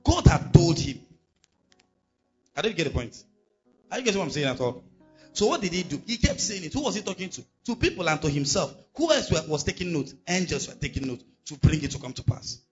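A man's voice: fairly high pitch, big pitch swings, quick pace, dull audio, soft background music. A male pastor, preaching a sermon emphatically and asking the congregation rhetorical questions.

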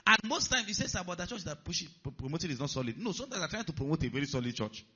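Animated man preaching. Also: a little high, rapid-fire, slightly rough, muffled recording. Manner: animated, rhetorical questions to the audience. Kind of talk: sermon.

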